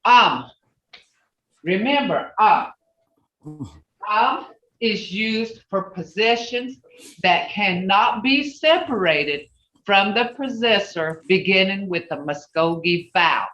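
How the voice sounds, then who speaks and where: Slow, patient language teacher on a distant call. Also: mid-range voice, expressive, sharp tone. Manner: slow, patient, explaining step by step; self-correcting, with asides. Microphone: video call. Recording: roomy, distant, dull video call audio.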